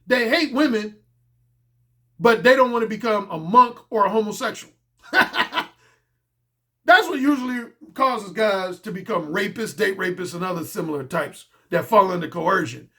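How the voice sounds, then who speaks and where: Man, middle-aged, dating coach monologue, blunt, emphatic, bright tone. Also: sits high, normal speed. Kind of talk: solo commentary monologue.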